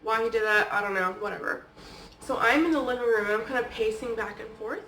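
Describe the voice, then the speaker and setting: This woman vlogger has a fairly high, bright, forceful voice and talks fast, chatting casually about her own life and sprinkling in "like" and "okay?" a lot. She sounds distant from the mic in an echoey room, with a faint hiss or hum underneath.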